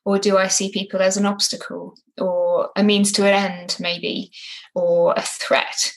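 A woman's voice: medium pitch, flat delivery, a little slow, low-quality recording. A woman co-hosting a casual Bible study discussion, earnest and reflective, often ending points with tag questions. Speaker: co-host discussing a Bible passage.

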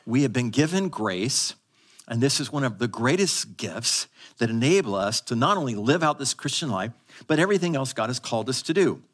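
A man's voice: mid-range voice, fairly bright tone. Emphatic male pastor preaching live. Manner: emphatic, teaching, has the audience repeat words; shifts between quick asides and slow stressed phrases. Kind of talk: live sermon to a congregation. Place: church service.

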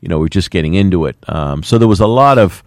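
A man's voice: deep voice, lively intonation, fast, darkish tone, no echo, clean studio sound. A middle-aged man, a mayor speaking in a plainspoken, folksy way with plenty of fillers. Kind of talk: radio interview talk.

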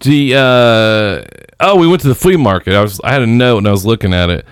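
A man's voice: mid-range voice, fairly quick, clean tone, no room sound, studio quality. A man hosting a podcast, telling rambling travel stories in casual chat, swearing freely. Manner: rambling, profane, acts out other people's voices. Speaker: podcast host.

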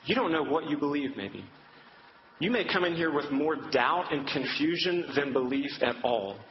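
A campus minister preaches a sermon in a large, echoey hall, his fairly high voice moving with lively intonation at a moderate pace. He speaks earnestly and directly to his listeners, offering repeated reassurance. The sound is dull, with slight background noise.

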